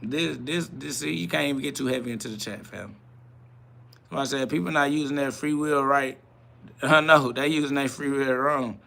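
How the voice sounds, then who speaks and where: A man's voice: mid-range voice, normal speed, creaky, bright, forceful tone. A man hosting a live stream, ranting combatively and profanely while answering chat comments.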